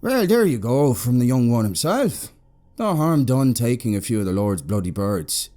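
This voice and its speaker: A man voicing a gruff, blustering traveller uncle who talks loudly. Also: medium pitch, very animated, normal speed, faint music behind, voice pushed up, lightly acted. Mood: jeering.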